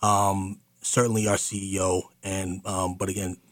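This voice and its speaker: Low-voiced man hosting community radio. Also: level tone, moderate pace, no room sound, studio quality. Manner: chatty, affirming, many fillers. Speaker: radio show host. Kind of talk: radio talk show hosting.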